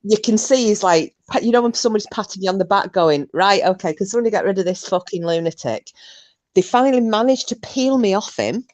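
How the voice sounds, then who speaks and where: A woman's voice: mid-range voice, fast, no room sound. Brash woman telling a wild story. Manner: animated, swearing, shrieking when acting out herself. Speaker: co-host. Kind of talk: casual storytelling chat.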